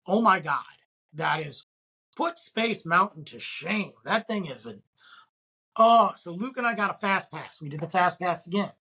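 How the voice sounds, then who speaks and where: A man's voice: sits high, animated, a little slow, pushed and bright, husky, low-quality recording. A middle-aged man hosting a casual solo podcast, telling a story in a rambling way with lots of fillers. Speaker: podcast host.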